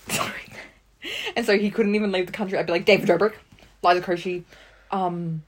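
A woman's voice: on the low side, steady tone, fast talker, slight background noise. A young woman co-hosting a podcast, chatting casually and rambling with lots of fillers. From Australia. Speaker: podcast co-host. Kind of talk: casual chat.

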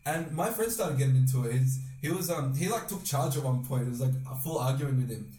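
A young man hosting a podcast, telling a long rambling story with lots of swearing and loudly acted-out quotes. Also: medium pitch, quick pace, faint music behind. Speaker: podcast host. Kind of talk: casual storytelling chat. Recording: echoey room, distant mic.

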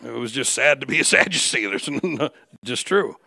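A man preaching an animated sermon with humor, acting out the voices of figures he quotes. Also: mid-range voice, moderate pace, vocal fry, a little hiss or hum. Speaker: guest preacher.

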